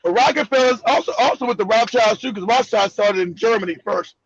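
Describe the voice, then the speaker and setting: A man's voice: very high voice, lively intonation, brisk, creaky, slightly rough, dull audio. A man hosting a casual political talk show, brash and profane, laughing often. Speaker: show host.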